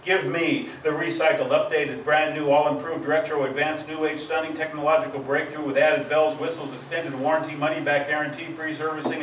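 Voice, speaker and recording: A poet reads live at a poetry event, his voice on the high side, driving through long lists with rhythmic, emphatic delivery. The room is echoey and the mic distant, leaving faint ambience and slight background noise.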